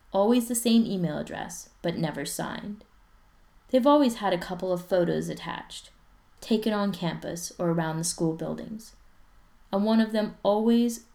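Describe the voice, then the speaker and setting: Female audiobook narrator, lowish gravelly voice, steady even storytelling. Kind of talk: audiobook reading of fiction.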